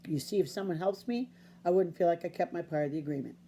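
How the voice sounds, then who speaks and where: A woman's voice: on the low side, fast, warm tone, slight background noise, natural voice. A woman voicing a determined young country boy in a storybook reading, speaking earnestly. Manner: earnest and pleading.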